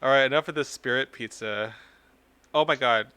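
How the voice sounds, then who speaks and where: A man running a tarot reading live stream, chatting casually and teasing his viewers in a playful way. His voice sits at a middling pitch. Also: normal speed, sharp tone, smooth, dry recording.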